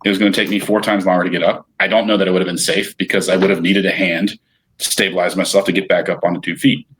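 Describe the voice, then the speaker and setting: Male podcast guest, low voice, candid and rambling, restarts a lot. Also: fairly bright tone, slight background noise. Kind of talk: casual interview chat.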